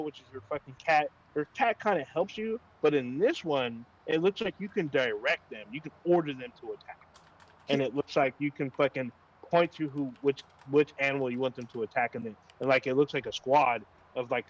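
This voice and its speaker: A man's voice: medium pitch, muffled recording. A man co-hosting a casual gaming chat, rambling with lots of fillers and swearing. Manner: rambling, profane, frequent fillers. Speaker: podcast co-host.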